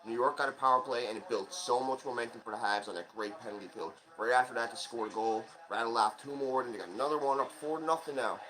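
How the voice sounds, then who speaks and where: A man hosting a casual live watch-along of a hockey game, calling the plays in quick excited bursts and chatting like a rooting fan. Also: mid-range voice, rough recording. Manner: chatty asides, admits small slips. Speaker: channel host, fan commentator.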